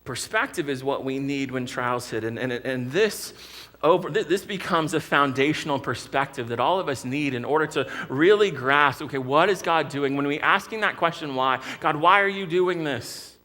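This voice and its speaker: Male pastor, American accent, bright tense voice, earnest sermon with frequent restarts. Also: on the high side, normal speed. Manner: earnest, vivid storytelling with many restarts.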